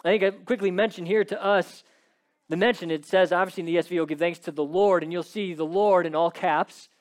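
Guy preaching in church, kinda high voice, punchy and repeats stuff. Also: fairly even intonation, brisk. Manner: emphatic preaching with rhetorical questions and repetition. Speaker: pastor. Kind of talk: sermon. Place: church service.

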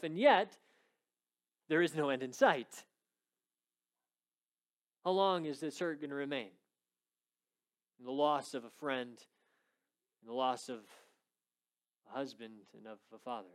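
Guy preaching a sermon, pretty high voice, chatty storytelling style with lots of asides. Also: smooth. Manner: animated storytelling with dramatized quotes and conversational asides. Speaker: pastor.

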